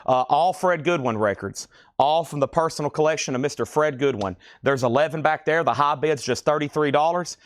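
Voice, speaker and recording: A man's voice: on the high side, a little fast, no room sound. A man hosting a live record sale in a record store, chatting casually as he rattles off album titles, prices and buyers' names. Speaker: host selling records on a live stream. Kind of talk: casual live sales patter.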